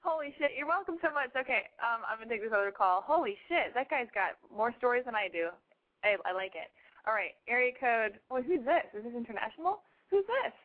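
A woman's voice: fairly high pitch, expressive, fairly quick. A woman hosting a call-in show, chatting casually in a blunt, joking, rambling way. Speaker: host taking calls. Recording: phone-like lo-fi sound.

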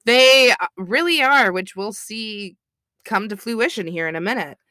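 A woman's voice: medium pitch, measured pace, bright, forceful tone, dry recording, clean studio sound. A woman co-hosting a podcast in casual chat, blunt and swearing freely. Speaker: podcast co-host.

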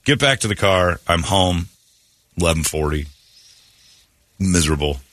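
A man hosting a radio talk show, telling a funny story in an animated way and acting out the voices in it. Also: low voice, a little slow, background noise. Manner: animated, acts out his own crying and other voices.

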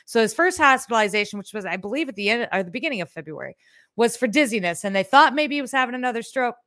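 A sassy, chatty woman hosts a live stream and talks straight to her viewers, throwing in profane asides. Her voice sits a little high, and the close mic sounds dry with no room echo. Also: lively intonation, quick pace, a bit bright. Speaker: host of a live show. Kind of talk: casual live-stream chat.

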